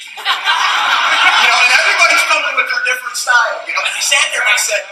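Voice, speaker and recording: A man giving a motivational storytelling talk at a convention, who quizzes the audience and bursts into shouts at the high points. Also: expressive, fast talker, noisy background. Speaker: convention speaker. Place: large convention hall. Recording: echoey hall, distant mic.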